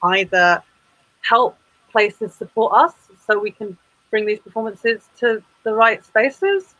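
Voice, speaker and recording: A woman performance artist, her voice medium-pitched and a bit bright, chats casually as an interview guest, full of fillers and restarts. The audio is lo-fi.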